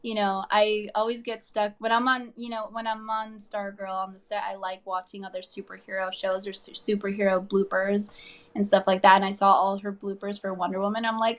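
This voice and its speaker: A woman in a casual interview, gushing with excitement and padding her thoughts with fillers. Her voice sits at a middling pitch and her talk runs bubbly and eager. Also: fairly quick. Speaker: actress guest.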